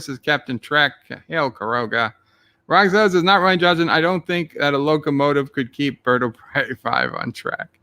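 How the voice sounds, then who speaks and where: Gravelly bright-voiced man reading stream chat. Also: fairly high pitch, expressive, a little slow, dry recording. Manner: reads chat messages aloud, dry joking asides.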